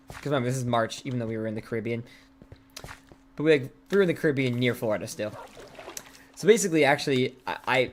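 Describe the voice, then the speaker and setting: A man streaming, telling a long rambling story while he plays, full of "like" fillers and restarts. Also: medium pitch. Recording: noisy home stream mic with clicks.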